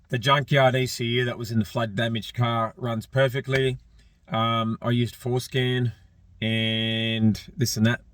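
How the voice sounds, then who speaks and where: A man's voice: mid-range voice, no echo. Australian man, car-tuning vlogger, blunt and rambling, swears a lot, dry close sound. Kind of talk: casual vlog talk while working on a car.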